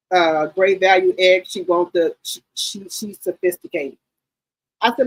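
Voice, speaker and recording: A middle-aged woman hosting a livestream, telling stories in a casual, animated, slangy chat and often repeating herself. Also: medium pitch, moderate pace, poor audio. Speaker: livestream host.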